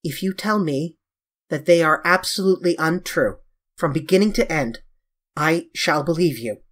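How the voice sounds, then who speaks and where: A reader voicing a grave, earnest male painter who pleads and reproaches his young friend, with a husky tone. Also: fairly high pitch, normal speed, a bit bright. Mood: pleading.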